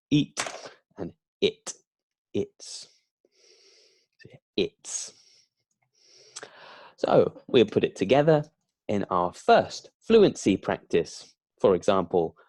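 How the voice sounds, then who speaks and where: A man teaching beginner English, drilling words slowly with emphatic repetition. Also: lowish voice, a little mellow, no room sound.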